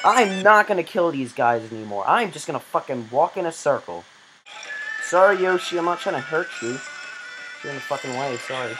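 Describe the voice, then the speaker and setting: Young male let's player who rages and screams, high-voiced and very animated. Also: moderate pace, soft background music. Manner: screams and swears in frustration; cries out in sudden loud outbursts. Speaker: gamer. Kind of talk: let's play gameplay commentary.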